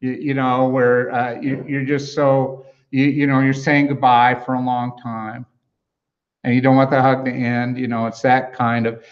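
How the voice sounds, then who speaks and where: A man's voice: mid-range voice, level tone, unhurried, lo-fi sound. A man preaching an expository sermon in a conversational way, with frequent fillers and restarts as he explains grammar. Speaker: pastor.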